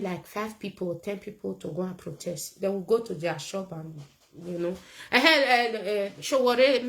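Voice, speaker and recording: A woman's voice: medium pitch, rough recording. A woman with a Nigerian accent giving a casual political rant to camera, blunt and emphatic and repeating her points. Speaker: political commentator.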